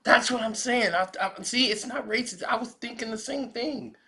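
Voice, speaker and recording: A man voicing a smug, eager man who is excusing a slur in a high, exaggerated, mocking tone. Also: moderate pace, bright, forceful tone, full character voice.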